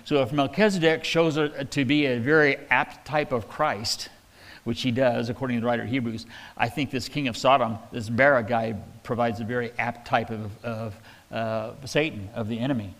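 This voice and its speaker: A man preaching a verse-by-verse sermon at a middle pitch, his folksy, conversational delivery full of plain paraphrase. His voice carries a long reverb, like a church sanctuary. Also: fairly even intonation, moderate pace, fairly bright tone. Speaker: pastor.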